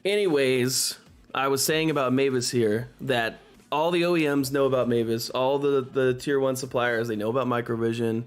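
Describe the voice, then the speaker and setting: A man hosting a live stock market stream, talking excitedly and in exasperation, repeating himself and swearing into a desk microphone. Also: medium pitch, moderate pace. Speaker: stock market livestream host.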